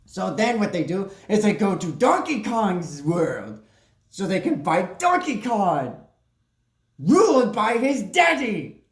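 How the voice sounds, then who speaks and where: A woman doing a comic hobo persona who excitedly and crudely recaps a movie plot, tacking "mama" onto her lines. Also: mid-range voice, slow. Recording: roomy echo.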